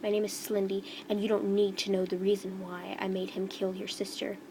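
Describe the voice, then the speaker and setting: A woman's voice: medium pitch, completely flat delivery, a little fast, noisy background, lightly acted. A woman voicing a cold faceless monster man. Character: tall faceless male monster, stern and cold.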